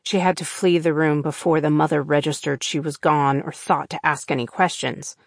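Woman, low voice, dry close sound, audiobook narration, measured and tense. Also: fairly even intonation, vocal fry, no echo. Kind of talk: scripted narration. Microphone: close studio mic.

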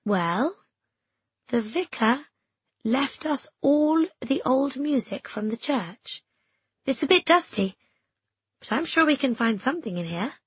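A woman voicing a kindly, fussy middle-aged village choirwoman who speaks gently but turns decisive, in an audiobook. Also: high voice, lively intonation, takes it slowly, long pauses, breathy edge, no echo, voice pushed up, full character voice. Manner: gentle, hesitant, then decisive. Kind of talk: audiobook character voice.

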